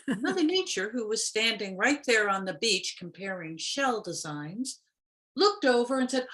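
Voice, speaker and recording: Bright, animated woman storyteller. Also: a little high, unhurried. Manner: expressive, with playful sound effects. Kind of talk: told folk tale.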